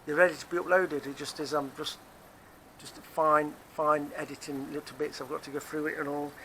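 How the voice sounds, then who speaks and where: Rambling English vlogger, Nottingham accent, slightly high male voice, phone mic outdoors with clear traffic noise. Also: flat delivery, normal speed, bright, forceful tone. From England. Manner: chatty, rambling, repeats himself. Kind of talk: casual rambling vlog monologue. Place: outdoors near a car park.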